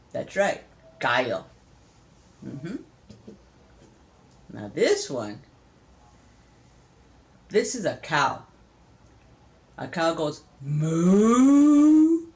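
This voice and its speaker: An older grandmother from Southern California gives a casual spoken lesson to a grandchild, sounding like an informal home lesson. She is playful and chatty, laughs easily, and her fairly bright voice moves around a lot in pitch as she explains things.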